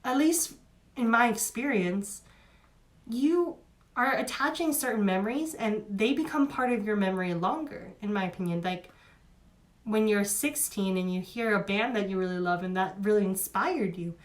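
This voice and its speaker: A young woman talking through a review in a loose, chatty way. She fills her sentences with "like" and "um" and restarts often. She sounds openly emotional and heartfelt at a middle pitch. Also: moderate pace. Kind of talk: casual spoken review.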